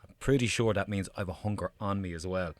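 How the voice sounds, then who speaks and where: Low-voiced man explaining. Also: a little fast, no room sound. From Ireland. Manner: conversational, explaining with examples. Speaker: channel presenter. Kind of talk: explanatory voice-over.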